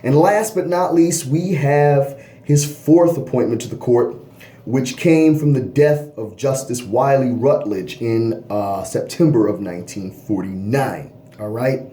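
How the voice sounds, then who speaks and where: A man's voice: mid-range voice, a little slow, warm tone, roomy sound. A man from Baltimore giving an unscripted history lecture, rambling and often checking in with "all right?". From Baltimore, USA.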